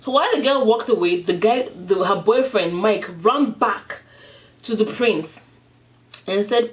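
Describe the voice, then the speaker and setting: Eating-show host, lively chatty retelling, mic a bit far off. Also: medium pitch, a little slow. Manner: animated retelling, acting out the characters. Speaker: mukbang vlogger. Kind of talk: casual storytelling while eating.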